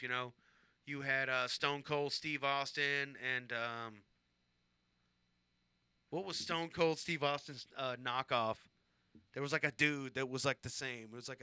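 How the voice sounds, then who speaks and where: A man's voice: medium pitch, bright, forceful tone, smooth, no echo. A man in his thirties, originally from Southern California, telling rambling, profane, self-deprecating stories on his live stream. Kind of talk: casual storytelling on a live stream.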